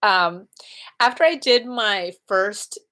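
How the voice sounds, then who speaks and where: A woman in her thirties chatting casually on a live stream, telling stories and acting out the people in them in lively quoted voices. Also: mid-range voice, takes it slowly. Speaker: vlogger hosting a live chat.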